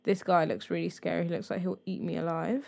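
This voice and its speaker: A woman's voice: on the low side, little pitch movement, quick pace, gravelly, darkish tone. A young woman co-hosting a casual podcast, frank and joking, swearing casually. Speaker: podcast co-host. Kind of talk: casual chat.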